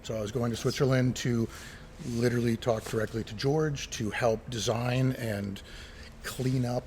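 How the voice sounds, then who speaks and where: Speaking at a moderate pace with a medium-pitched voice, this retired pilot and air traffic controller, now middle-aged, animatedly recounts stories in a casual interview. He performs the quoted dialogue himself, in an old terminal building beside a runway.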